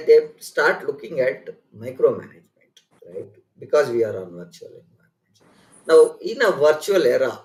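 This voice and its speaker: A man hosting a podcast interview, politely putting questions to his guest and calling him sir. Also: a little high. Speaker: podcast host. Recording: echoey room.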